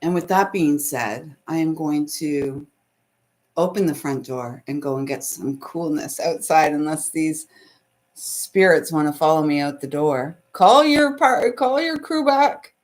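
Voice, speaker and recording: A middle-aged Canadian woman with a Canadian accent hosts a spiritual live stream, reading viewer comments aloud in a soothing, chatty manner. Her voice sits low and somewhat dark, with a steady, unhurried tone. It's casual live-stream chat.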